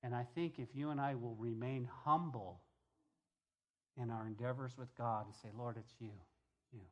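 A man preaching a sermon, talking straight to the congregation, swinging between loud emphasis and quiet, hushed asides. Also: mid-range voice, normal speed. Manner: talks straight to the congregation, asking if they follow. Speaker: pastor.

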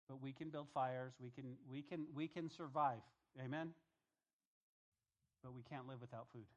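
A man's voice: mid-range voice, lo-fi sound. A man preaching a Bible-teaching sermon, speaking emphatically, repeating phrases and firing rhetorical questions straight at his congregation. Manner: talks directly to the congregation. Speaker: pastor.

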